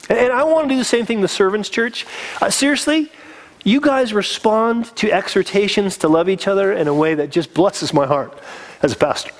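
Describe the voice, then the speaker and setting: A man's voice: high voice, brisk. A man preaching a sermon as a pastor, earnest and conversational, getting teary.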